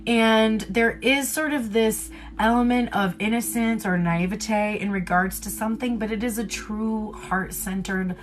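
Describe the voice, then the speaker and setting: A woman's voice: on the high side, steady tone, a little slow, hardly any pauses. Chatty, laughing woman tarot reader. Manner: chatty and candid, laughs often, swears casually; loose, rambling delivery with many fillers. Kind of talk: casual livestream tarot reading.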